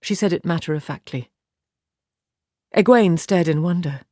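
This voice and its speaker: A woman narrating an audiobook in an even, steady storytelling voice. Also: fairly low pitch, normal speed, dry recording, clean studio sound.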